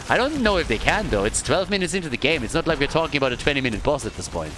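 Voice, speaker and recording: A man calls a live online match in loose, casual commentary. His pitch climbs and dips with a lot of movement as he drifts into animated stories and swears without a second thought. A faint background noise sits under his voice. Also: very fast. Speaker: esports caster.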